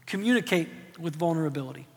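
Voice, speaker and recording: High-voiced animated man in his forties. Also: quick pace. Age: 40s. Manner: animated, emphatic, self-deprecating. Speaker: podcast co-host. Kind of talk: casual conversational advice. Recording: reverberant room.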